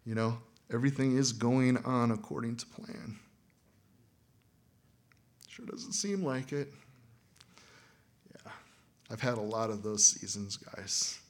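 A man preaching to his congregation in a loose, talky way, with his voice sitting at an ordinary middle pitch. He laughs lightly between lines and gets loud and animated whenever he acts out what people say. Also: slow pace, long pauses. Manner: conversational, laughs often, acts out quoted voices loudly. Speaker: pastor. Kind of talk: sermon.

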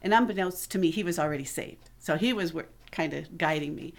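A woman's voice: fairly low pitch, a little fast. Earnest middle-aged woman giving church testimony. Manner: earnest, conversational storytelling that acts out quoted voices. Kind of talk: personal testimony told to a congregation.

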